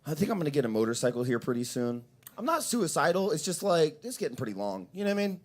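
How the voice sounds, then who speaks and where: A man's voice: fairly high pitch, big pitch swings, quick pace. A man doing open mic stand-up in a coffee shop, rambling and self-deprecating. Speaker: stand-up comedian.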